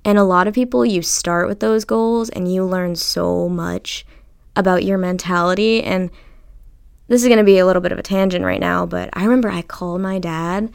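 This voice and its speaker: A young woman hosting a casual solo podcast, chatty and animated, swearing freely and acting out what people said to her. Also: lowish voice, normal speed, creaky, clear, resonant tone. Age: young adult. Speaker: podcast host.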